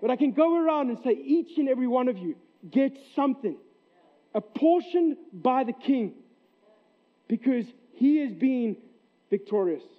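A man's voice: very high voice, expressive, moderate pace. A man pastor preaching a sermon in a church, earnest and emphatic, repeating key phrases for weight. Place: church sanctuary. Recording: tinny narrow-band recording.

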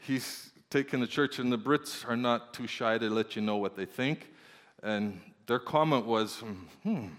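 A male pastor preaching a lively sermon, joking with his congregation between scripture readings. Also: medium pitch. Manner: animated, joking preacher who reads scripture aloud. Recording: long hall reverb.

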